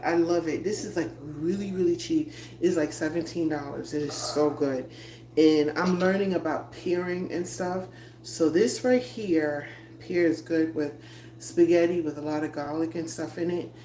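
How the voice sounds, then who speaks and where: A woman with a low, dark voice speaks at a measured pace while livestreaming from her home kitchen as a cooking vlogger. She chats casually with viewers and laughs as she cooks and moves around. The room is echoey and noisy, and her voice drifts off-mic.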